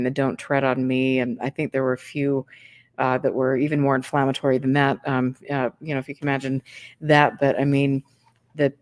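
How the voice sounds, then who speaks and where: A woman hosting a casual conversation, rambling and searching for words. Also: sits low.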